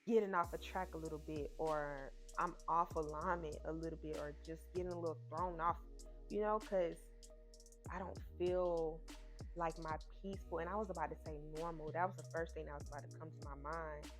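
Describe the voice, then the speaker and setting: A woman's voice: low-pitched, fairly even intonation, moderate pace, faint music behind. A young woman, chatting expressively to her viewers and repeating herself as she tells a personal story. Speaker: vlogger reviewing a podcast. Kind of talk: casual heartfelt chat to viewers.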